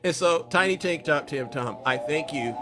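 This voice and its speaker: A man's voice: a little high, normal speed. A man hosting a casual livestream call-in show, teasing and bantering with callers.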